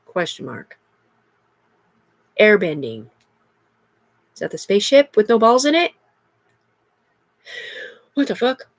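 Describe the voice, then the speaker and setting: A middle-aged woman talks on a livestream in a restless, rambling way, cursing as she goes. Her voice sits at an ordinary pitch for a woman. The recording is dry, with no room sound around her. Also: sing-song, slow pace, long pauses, no room sound. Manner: agitated, profane, rambling.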